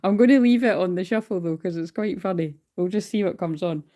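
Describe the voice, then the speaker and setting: Speaking a little fast in a dark, fairly low voice, this woman reads tarot cards on a casual livestream into a phone. She chats a lot, swears without hesitation, and describes herself as hyper.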